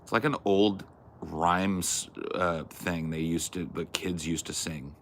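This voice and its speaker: A man's voice: low voice, fairly even intonation, slow pace, fairly bright tone, a little hiss or hum. A man hosting a podcast in casual chat, joking and swearing with a self-mocking tone. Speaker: podcast host.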